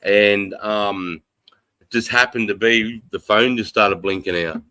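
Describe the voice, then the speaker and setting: A man's voice: fairly low pitch, measured pace, pushed and bright, clean tone, no echo, rough recording. An Australian man hosting a casual live stream, rambling, swearing freely and reading out chat comments. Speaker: livestream host. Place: home in the countryside.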